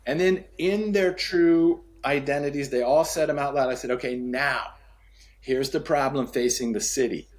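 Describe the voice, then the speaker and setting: A man telling a story as a podcast guest, acting out the dialogue with sweeping pitch and repeating key phrases for emphasis. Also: moderate pace. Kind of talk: storytelling in conversation.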